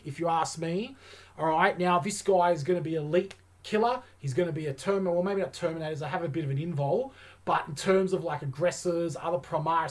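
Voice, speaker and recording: Chatty, keen man with a higher voice. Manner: enthusiastic, chatty, thinks aloud with many fillers. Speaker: wargaming channel host. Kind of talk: casual tabletop rules breakdown.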